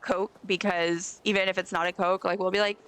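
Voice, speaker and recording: A woman's voice: medium pitch, level tone, fairly quick, fairly bright tone, clear, resonant tone. Rambling woman streamer. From Southern United States. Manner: rambling, chatty, full of fillers and restarts. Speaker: game streamer. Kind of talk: casual live-stream chat while gaming.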